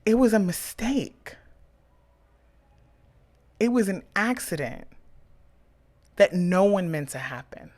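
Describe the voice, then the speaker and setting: A woman in her thirties, a podcast host, telling a personal story with emotion and animated quoted dialogue. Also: medium pitch, slow pace, long pauses.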